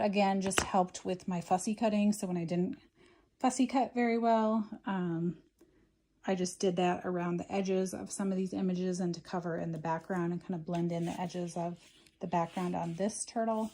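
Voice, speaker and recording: A woman with a soft, mellow voice talks through a craft project step by step. Her delivery is casual and chatty, often filling pauses with ums. Her pitch sits in an ordinary middle range. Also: slight background noise. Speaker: craft tutorial host.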